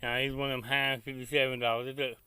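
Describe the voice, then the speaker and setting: A man's voice: medium pitch, flat delivery, fast talker, pushed and bright, slight background noise. A man with a Tennessee Southern accent, chatting casually outdoors by his grill to his vlog viewers in a folksy, rambling way. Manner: folksy, rambling, country slang. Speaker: barbecue vlogger. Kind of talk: casual outdoor chat to camera.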